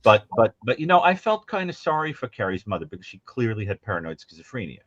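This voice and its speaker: Animated man retelling horror movies. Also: fast talker, dry recording, dull audio. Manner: animated storyteller, acts out quotes in high mimicking voices. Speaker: co-host. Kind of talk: casual call-in show chat about horror films.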